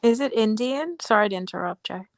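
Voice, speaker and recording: A woman's voice: on the high side, animated, fairly quick, no echo. Upbeat woman guest with a dry sound. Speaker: podcast guest, tarot reader. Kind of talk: casual call-in chat.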